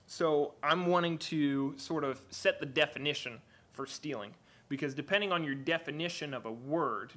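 Guy preaching a sermon, bright tense voice, lots of ums and restarts. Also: a little high. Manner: hesitant, many fillers and restarts. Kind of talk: church sermon with Bible reading.

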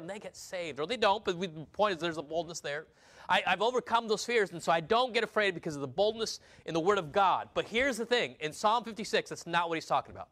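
A man preaching a sermon, swinging from quiet, stumbling asides to loud, slow declarations, often repeating words. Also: high-pitched, expressive. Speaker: pastor.

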